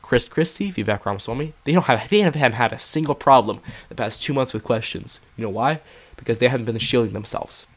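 A man's voice: mid-range voice, lively intonation, brisk. A man telling a first-person story in a casual, earnest way, with many fillers and restarts. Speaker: podcast host.

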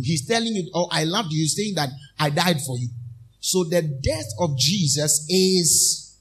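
A male preacher delivers a sermon at a deliberate, unhurried pace. His voice is slightly husky and pitched a little above the usual for a man. He reads scripture line by line in a church. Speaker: minister.

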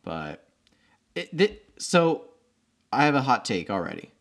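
A man's voice: medium pitch, big pitch swings, unhurried, a bit bright. A man co-hosting a casual podcast, blunt and teasing in his opinions. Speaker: podcast co-host.

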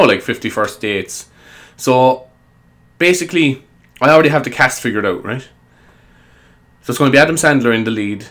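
Rambling, laughing man with a bright voice. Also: medium pitch. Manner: rambling, laughs often, full of fillers. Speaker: comedy vlogger. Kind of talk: rambling comedic monologue.

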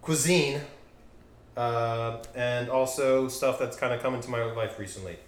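A man's voice: medium pitch, fairly even intonation, normal speed. Rambling man on a home podcast. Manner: rambling, self-correcting, joking. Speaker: podcast host. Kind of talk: casual podcast chat. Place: home room with dogs nearby. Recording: echoey room with faint noise.

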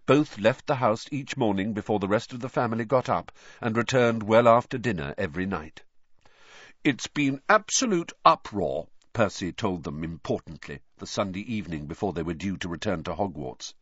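A man narrating an audiobook with expressive storytelling, on a dull lo-fi recording. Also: fairly low pitch, brisk, hardly any pauses, no room sound. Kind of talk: audiobook reading.

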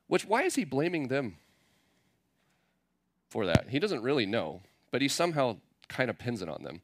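A man preaching a sermon in a relaxed, conversational way, reading scripture and paraphrasing it playfully. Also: mid-range voice, brisk. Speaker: pastor.

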